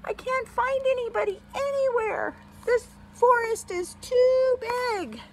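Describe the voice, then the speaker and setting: A woman's voice: slow pace, a crowd in the background, heavily acted, low-quality recording. Woman doing a tiny crying boy bunny. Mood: lost, crying. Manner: high crying child voice. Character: small scared little boy bunny.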